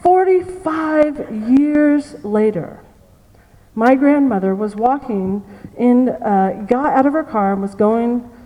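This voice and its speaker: A woman with a high, mellow voice preaches a sermon, telling a story and repeating her key phrases. Her voice carries a long reverb from a large hall. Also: animated, takes it slowly.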